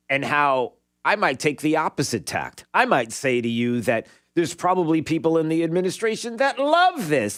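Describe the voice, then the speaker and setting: A man's voice: medium pitch, a bit bright, dry recording, clean studio sound. A man hosting a talk radio show, giving an opinionated monologue in a sarcastic way and bantering with his producer.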